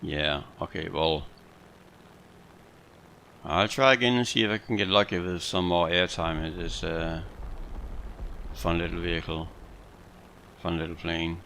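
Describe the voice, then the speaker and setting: A man giving relaxed, chatty commentary over his own gameplay, amused at what happens on screen. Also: sits low, a little slow, long pauses, slight background noise. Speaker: gaming video host.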